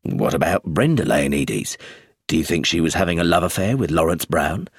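A man's voice: deep voice, very animated, normal speed, vocal fry, breathy edge, no echo, studio quality, voice pushed down, full character voice. A man voicing a polite, methodical police inspector in a read story, speaking in a businesslike way.

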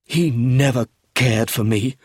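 A man voicing a cold, jealous middle-aged father with a rough, bitter way of speaking in a storybook reading. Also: medium pitch, normal speed, no echo, studio quality, close to an everyday voice.

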